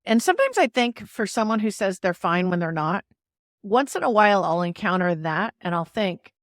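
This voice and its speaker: A woman's voice: medium pitch, sing-song, normal speed, no room sound, studio quality. A woman hosting a podcast, explaining ideas in a casual, playful way and leaning on emphasis. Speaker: podcast host.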